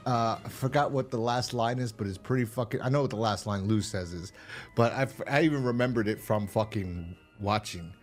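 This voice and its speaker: He has a lowish voice and a brisk delivery, with faint music playing behind him. Co-hosting a podcast, he walks through a horror episode's plot in a rambling, swear-heavy way, restarting again and again.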